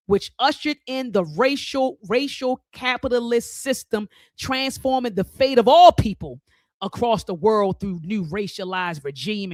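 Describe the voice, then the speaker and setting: A woman's voice: medium pitch, dry recording, studio quality. A woman hosting a talk show, reading a document aloud and stressing key words, with casual asides to her viewers.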